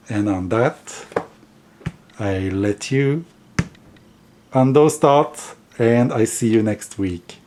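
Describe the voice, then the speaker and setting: A man with a non-native English accent talking to camera in a casual vlog about card decks, gentle and reflective, stopping often to find his words. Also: on the low side, slight background noise. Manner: halting, gentle and reflective, with soft laughs. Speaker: card deck vlogger.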